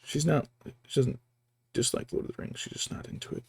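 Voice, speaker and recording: A man's voice: brisk, darkish tone, dry recording. A man streaming as he paints miniatures, talking casually and muttering to himself as he works. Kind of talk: casual chat while working.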